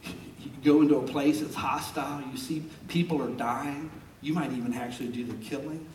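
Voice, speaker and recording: Man, pastor, sermon, animated joking storyteller, echoey room, mic at a distance. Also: medium pitch, moderate pace, slight background noise.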